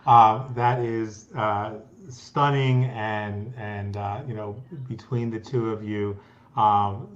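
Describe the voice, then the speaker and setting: A man with a lowish voice hosts a spiritual talk show, halting and hesitant and often restarting his sentences. The sound is dull and lo-fi. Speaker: host. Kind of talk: interview talk.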